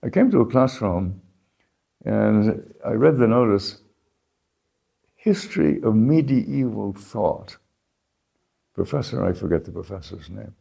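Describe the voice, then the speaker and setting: An older American man telling his life story in an unhurried, reflective way, pausing and restarting as he remembers. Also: on the low side, expressive, vocal fry, warm tone, breathy edge. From United States. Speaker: interviewee, founding principal.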